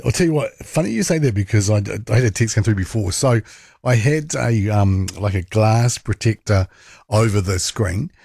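A man's voice: fairly low pitch, lively intonation, moderate pace, gravelly, a little mellow, slightly rough, no echo, clean studio sound. A New man hosting a casual radio chat, responding with short reactions and chatty stories. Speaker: radio host.

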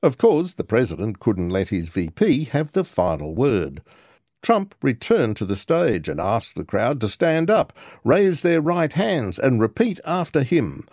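Wry male reporter with lively pitch. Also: measured pace, dry recording, studio quality. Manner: wry, sardonic commentary. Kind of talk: scripted narration of a news report.

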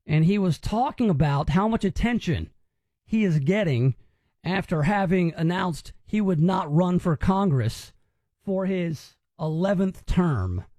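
Speaking at a measured pace, a male talk radio host ridicules news clips with open incredulity. His high-pitched voice bounces through animated pitch changes, captured close and dry with no echo.

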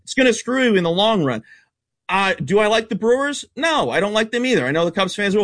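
A man as a sports betting analyst guest on a radio show, rattling off stats in a blunt, animated way. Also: high-pitched, no room sound. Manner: fast, blunt, stat-heavy, animated. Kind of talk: casual radio sports talk.

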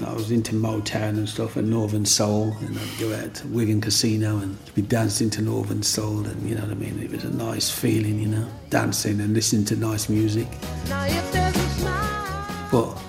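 A man's voice: lowish voice, monotone, moderate pace, gravelly, over music. An older man telling his own story in a rambling, restart-filled way, as an interviewee. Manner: rambling, with restarts and "you know what I mean".

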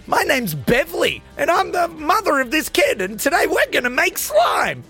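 A man's voice: very high-pitched, huge pitch swings, measured pace, pushed and bright, faint music behind, pitched above the performer's own voice, full character voice. A man voicing a chirpy, sing-song adult woman who hosts kids' videos. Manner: sing-song, overly cheerful.

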